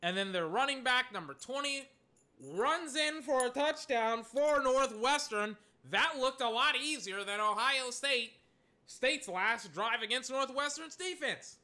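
Excitable high-voiced young man reacting live. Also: a little slow. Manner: excitable, rambling, exasperated asides. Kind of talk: live game reaction commentary.

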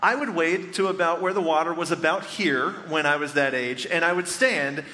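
Bright-voiced pastor preaching in a reverberant hall. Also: male voice, a little high, normal speed. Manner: chatty, joking, talks directly to the congregation. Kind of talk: conversational storytelling sermon. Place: church sanctuary before a congregation. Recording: long reverb of a large church hall.

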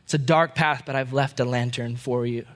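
A man's voice: mid-range voice, steady tone, normal speed, pitched below the performer's own voice, lightly acted. A man playing an urgent young prince. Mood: hushed. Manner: urgent, raised pleas; hushed instructions. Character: young self-sacrificing prince, commanding.

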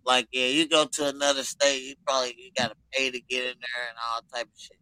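A man's voice: medium pitch, little pitch movement, fast talker, pushed and bright, clean tone, no echo, low-quality recording. A man in casual group chat, blunt and joking.

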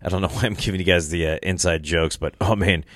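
Tired and a bit tipsy, a young man hosts his own solo podcast, talking fast in a low, steady voice. He rambles casually and curses constantly in a laid-back way, with clean studio sound and no echo.

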